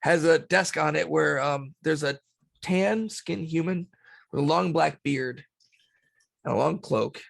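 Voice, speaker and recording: A man's voice: fairly high pitch, measured pace, gravelly, no room sound. A man narrating a tabletop game as game master, loose and casual.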